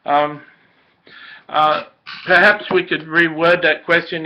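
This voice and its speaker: Man, slow and halting, fairly high voice, lots of ums, gentle, dull lo-fi recording. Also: flat delivery. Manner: halting, full of ums and uhs; gentle and emotional. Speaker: prophetic minister speaking as his late sister. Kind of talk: slow spoken channeled message.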